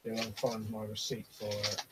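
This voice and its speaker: A man's voice: lowish voice, monotone, moderate pace, noisy background. A man with a Southern English accent hosting a casual live stream, reading viewers' comments aloud with frequent laughs and casual swearing. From Buckinghamshire, England.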